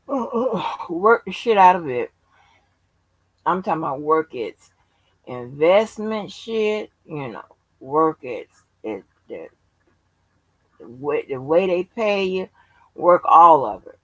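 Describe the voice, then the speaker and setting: A woman's voice: sits low, very animated, slow pace, long pauses, slightly rough, dry recording, dull audio. A sleepy woman hosting her channel, chatting casually in a drawling, profane, yawning way. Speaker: channel host. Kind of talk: casual late-night chat.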